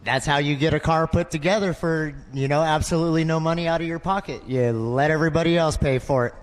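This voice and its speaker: A man's voice: on the high side, fairly even intonation, fast talker, long reverb tail. A man who is a race car driver, talking casually and jokingly in a post-race interview. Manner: casual, joking, laughs easily. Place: outdoors at a race track.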